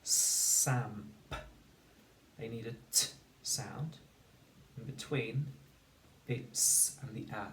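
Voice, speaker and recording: A man teaching a phonics lesson, slowly and carefully sounding out each word for young learners. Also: medium pitch, noisy background. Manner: slow, deliberate, sounding out words. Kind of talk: recorded spelling lesson. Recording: echoey room, mic at a distance.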